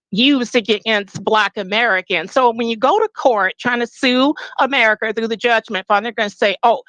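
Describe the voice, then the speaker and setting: A woman co-hosting an online debate, combative and quick to cut in. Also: a little high, fairly bright tone, no echo, low-quality recording. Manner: combative, interrupts and talks over others. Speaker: co-host. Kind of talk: online audio-room debate.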